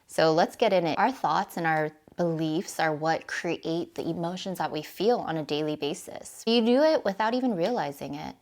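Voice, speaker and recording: Low-voiced woman coaching to camera. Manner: earnest, encouraging, talks straight to the viewer; chatty with fillers like "right?". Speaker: life coach. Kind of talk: casual advice vlog to camera.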